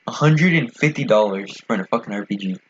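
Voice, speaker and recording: A young man co-hosting a casual podcast chat, talking fast and rambling with lots of fillers and swearing. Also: on the low side, animated. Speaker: podcast co-host. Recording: dull lo-fi sound with faint noise.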